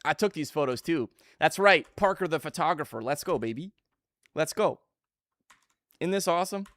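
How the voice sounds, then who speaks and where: A man in his twenties chatting casually with his live stream viewers, energetic and jokey, greeting chat by name. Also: fairly high pitch, normal speed, no room sound.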